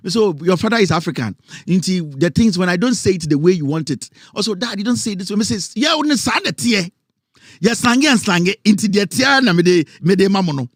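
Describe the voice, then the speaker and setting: A man's voice: sits high, expressive, brisk, breathy edge, no room sound. A man with a Ghanaian accent hosting a radio talk show, chatting casually and telling stories, close to the mic. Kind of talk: casual radio talk mixing Twi and English.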